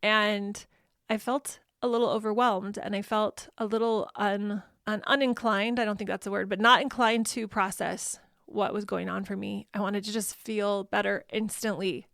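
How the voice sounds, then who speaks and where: A woman's voice: medium pitch, fairly even intonation, moderate pace, gravelly, fairly bright tone, no room sound, clean studio sound. A woman hosting a parenting podcast, talking in an earnest, heartfelt way and now and then correcting herself. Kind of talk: reflective solo podcast monologue.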